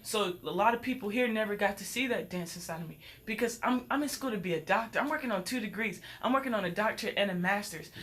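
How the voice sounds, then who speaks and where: A young woman talking as a podcast guest in casual chat, brisk and emphatic. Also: mid-range voice, fairly bright tone.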